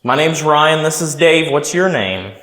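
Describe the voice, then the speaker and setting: A man's voice: fairly high pitch, lively intonation, unhurried, fairly bright tone. A male paranormal investigator indoors in an old manor at night, coaxing an unseen spirit to speak. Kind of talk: ghost-hunting vlog narration.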